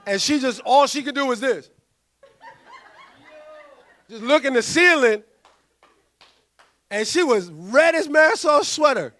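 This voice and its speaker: A male pastor, preaching a sermon in an animated way and acting out quoted voices. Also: extremely high pitch, measured pace, long pauses. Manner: animated, acts out quoted voices, loud bursts.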